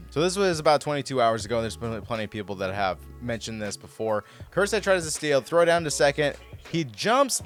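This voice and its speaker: A man hosting a casual commentary over replay footage, talking in an excitable, rambling way with lots of restarts. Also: mid-range voice. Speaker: host breaking down baseball clips.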